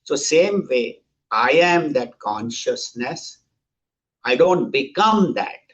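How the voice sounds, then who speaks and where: Man teaching scripture, husky tone. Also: mid-range voice, lively intonation, takes it slowly, lo-fi sound. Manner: storytelling, acts out quoted characters. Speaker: spiritual teacher. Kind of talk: scripture class.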